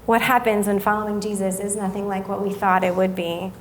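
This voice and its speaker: A woman, giving a sermon as a guest speaker, telling a family story in a chatty, self-deprecating way and softening when she reflects. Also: medium pitch, flat delivery, brisk, slight background noise. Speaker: guest speaker at a young adult service.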